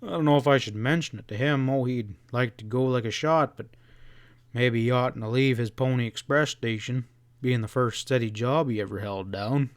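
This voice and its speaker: A man's voice: mid-range voice, normal speed, no echo, lightly acted. A man voicing a folksy, meek middle-aged rancher in a western audiobook, talking in plain cowboy speech. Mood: easygoing. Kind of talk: audiobook character voice.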